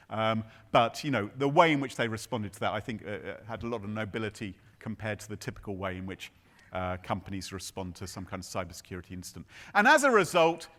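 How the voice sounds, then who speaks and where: A man's voice: mid-range voice, sharp tone. A man giving a humorous conference keynote on stage, telling a story with playful, theatrical asides. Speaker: keynote speaker. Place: conference stage before an audience.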